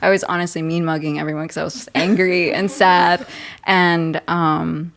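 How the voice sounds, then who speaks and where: A young woman moderating a casual panel discussion, telling stories with lively acted-out quotes. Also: moderate pace, creaky. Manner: animated storyteller, acts out quotes in a high voice.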